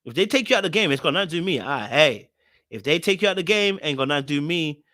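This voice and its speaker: A man's voice: fairly high pitch, lively intonation, rapid-fire, bright, forceful tone, no echo, clean studio sound. Emphatic man hosting a reaction show. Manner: emphatic, blunt and repetitive, hammering points home. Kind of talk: reaction commentary on a reality show.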